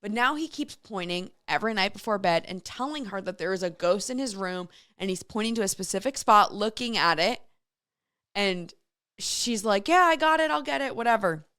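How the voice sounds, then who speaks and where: A woman's voice: medium pitch, normal speed, pushed and bright, clear, resonant tone, dry recording, clean studio sound. A woman hosting a radio show solo, telling a story in a chatty way and reading listener messages aloud. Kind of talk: casual solo radio chat.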